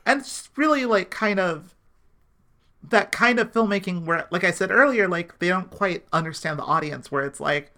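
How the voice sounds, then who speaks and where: A woman's voice: fairly low pitch, expressive, moderate pace, pushed and bright. A young woman co-hosting a podcast, talking casually about a TV show with lots of filler words. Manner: filler-heavy, lots of "like", agreeing. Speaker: podcast co-host. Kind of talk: casual chat recapping a TV episode.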